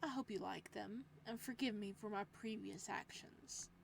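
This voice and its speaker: Woman voicing a soft-spoken obsessive librarian man. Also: medium pitch, creaky, a little hiss or hum, lightly acted. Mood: gentle, doting. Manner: slow, gentle, controlled, with menace beneath. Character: possessive soft-spoken male librarian captor. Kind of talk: reading a visual novel aloud.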